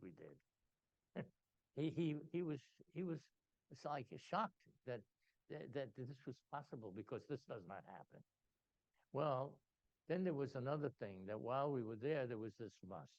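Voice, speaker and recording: An older man telling a personal story to a gathering, animated and full of restarts. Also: mid-range voice, moderate pace, no room sound, dull audio. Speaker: invited speaker.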